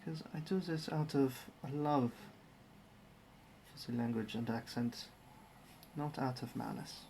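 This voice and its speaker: A livestreamer chats casually while building a model kit, wry and easygoing as each step is narrated. The voice sits at a middle pitch. A faint hiss of noise runs underneath. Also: measured pace, gravelly, mellow. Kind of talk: casual live-stream commentary.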